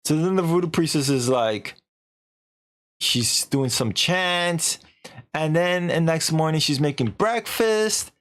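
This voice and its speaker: A rambling, animated male streamer. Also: fairly high pitch, slow pace. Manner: rambling, animated retelling full of acted-out quotes. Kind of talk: casual story recap.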